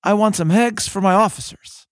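A man voicing a blunt young male British army cook, lifting his voice higher and louder for the quote. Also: normal speed, no echo, clean studio sound, close to an everyday voice. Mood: impatient.

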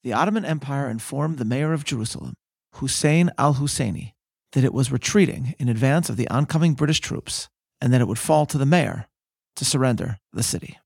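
A man hosting a podcast, telling history in measured, scripted narration that slows for emphasis. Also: medium pitch, expressive, vocal fry, a little mellow, breathy edge, dry recording, studio quality. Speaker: podcast host.

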